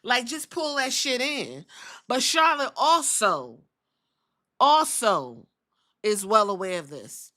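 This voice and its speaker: A woman podcast host giving blunt, animated, profane commentary in a casual, opinionated way. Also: fairly high pitch, slow.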